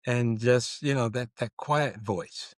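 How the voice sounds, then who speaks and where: A man co-hosting a podcast in casual chat, animated and playful, drawing out words for emphasis. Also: medium pitch, slow pace, dry recording, clean studio sound. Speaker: podcast co-host.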